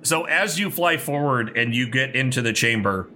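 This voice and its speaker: Calm man narrating as game master. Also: mid-range voice, moderate pace.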